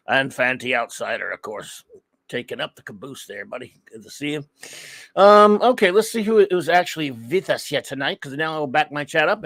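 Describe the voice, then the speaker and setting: A man hosting a live comics talk show, chatting casually and rambling through friendly shout-outs to viewers in the chat. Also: medium pitch, no echo. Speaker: podcast host.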